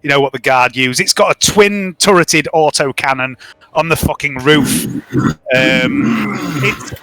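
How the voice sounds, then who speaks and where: A man's voice: a little high, bright, forceful tone, no room sound. A man running a tabletop game, narrating casually with lots of ums and swearing. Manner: rambling, profane, many ums. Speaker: game master.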